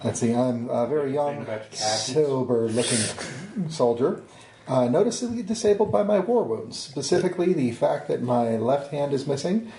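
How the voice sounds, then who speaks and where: A man's voice: mid-range voice, expressive, normal speed, dark tone. A man playing a tabletop game, talking casually and teasing the others. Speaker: player. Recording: echoey room, clear background noise.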